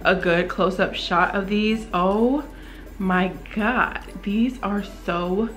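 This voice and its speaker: A young woman with an excited casual unboxing vlog, gasping and exclaiming as she opens packages. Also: takes it slowly. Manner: gasping, exclaiming, swooping up high when thrilled. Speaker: beauty vlogger unboxing small-business packages.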